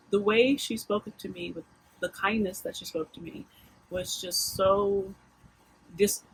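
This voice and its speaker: A woman vlogger in her thirties shares a personal story in a loose, confessional way. She stumbles and restarts as her feelings rise, her voice sitting at an ordinary middle pitch. A faint household hum sits behind her. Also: fairly bright tone, rough recording. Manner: emotional, halting, with many restarts. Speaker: vlogger mom. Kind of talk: casual confessional vlog talk.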